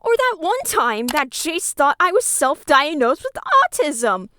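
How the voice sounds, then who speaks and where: A high-voiced woman narrates an angry personal account, bitter and cursing as she goes. Her voice sits well above the usual range. The recording is dry, with no room sound. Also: sing-song, a little slow, bright, forceful tone, no echo.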